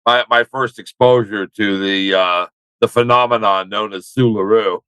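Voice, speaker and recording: Low-voiced older veteran spinning a yarn. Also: male voice, steady tone, moderate pace, fairly bright tone, clean tone, no room sound, rough recording. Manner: rambling, self-correcting, wry. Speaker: military veteran guest. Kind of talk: conversational storytelling.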